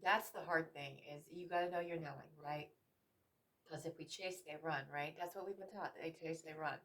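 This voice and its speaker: Woman, low-pitched, tarot reading, emotional, repetitive, casual swearing. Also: fairly even intonation, moderate pace, a bit bright. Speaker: tarot reader.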